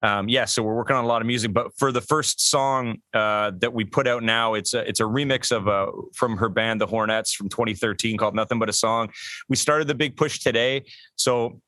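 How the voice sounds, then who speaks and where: A man's voice: medium pitch, steady tone, a little fast, sharp tone, no room sound. A man co-hosting a podcast, upbeat and joking as he promotes music. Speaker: podcast co-host. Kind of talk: casual chat.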